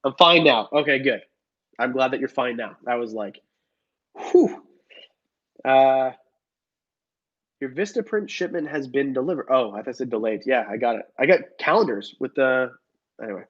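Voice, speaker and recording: Over dull, lo-fi stream audio, a young reptile channel host with a mid-range, somewhat bright voice speaks at normal speed, pausing often. He jokes around casually and reads out live chat comments.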